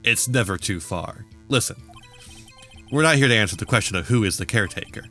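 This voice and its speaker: A man voicing an earnest young male defense lawyer in a game, deliberate and determined. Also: fairly low pitch, expressive, pushed and bright, soft background music. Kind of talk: reading game dialogue aloud.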